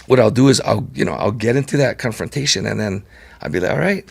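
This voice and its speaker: A man, a podcast guest telling stories in a relaxed, chatty way, laughing often and peppering his speech with "like" and "right?". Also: on the low side, fast, creaky, breathy edge. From Hawaii. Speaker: podcast guest, multi-sport champion. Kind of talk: casual storytelling interview.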